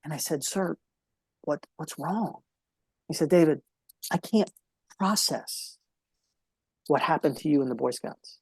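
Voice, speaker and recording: A man's voice: a little high, measured pace, pauses often, breathy edge, no room sound. A man speaking as a podcast guest, telling a heartfelt story in an earnest way and repeating key phrases for emphasis.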